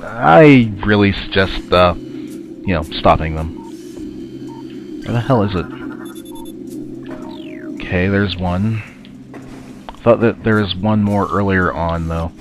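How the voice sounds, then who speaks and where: A man's voice: low voice, slow pace, long pauses, over music. A man with a stuffy, sinus-congested voice, casually commenting while playing a video game, rambling and grumbling at the game. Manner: rambling, muttering asides to the game. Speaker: let's play commentator.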